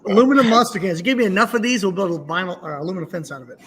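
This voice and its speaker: A man's voice: sits high, lively intonation, rapid-fire, fairly bright tone, slight background noise. A man co-hosting a casual show, teasing the guests in playful banter. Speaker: co-host.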